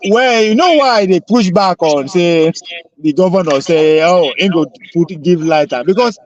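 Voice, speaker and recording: Nigerian host stumbling into his points, higher voice, muffled lo-fi audio. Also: lively intonation, a little slow. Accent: Nigerian Pidgin. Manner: hesitant, stammering starts. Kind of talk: moderating a heated debate. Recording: dull lo-fi sound.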